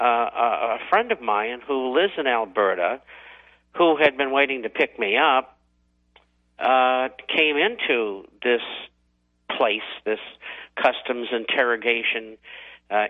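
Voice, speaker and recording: Male radio guest, mid-pitched, deliberate halting storyteller, heard over a narrow phone line. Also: expressive.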